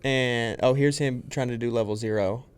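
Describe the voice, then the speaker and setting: A young man co-hosting a casual movie podcast, rambling through a film's plot with fillers and quick quoted lines. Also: medium pitch, steady tone, clear, resonant tone. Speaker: podcast co-host.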